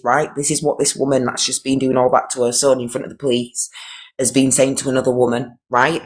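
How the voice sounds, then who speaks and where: A man's voice: mid-range voice, little pitch movement, fairly quick, breathy edge. A man hosting a live stream, indignant and emphatic, restarting his sentences.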